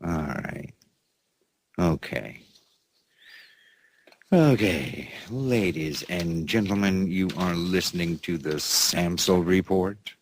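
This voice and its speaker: A man's voice: low voice, slow pace, pauses often, slight background noise. A man hosting an alternative news show, reading headlines with folksy sarcasm and mocking laughter. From United States.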